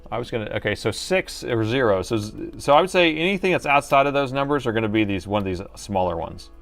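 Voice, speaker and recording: A man's voice: mid-range voice, animated, quick pace, fairly bright tone, soft background music. A middle-aged man hosting a live repair stream, chatting and thinking aloud as he works and joking with his viewers. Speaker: host and laptop repair technician.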